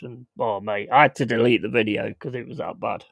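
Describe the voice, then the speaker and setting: A man's voice: medium pitch, normal speed, gravelly, no echo. Male streamer, blunt and sweary, casual rant, dry close sound. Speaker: streamer host. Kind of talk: casual livestream chat. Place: home.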